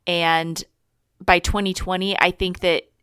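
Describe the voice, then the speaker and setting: A woman co-hosting a podcast in casual chat, thoughtful and measured as she works through her point. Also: lowish voice, flat delivery, fairly bright tone, clean tone, no room sound, studio quality. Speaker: podcast co-host.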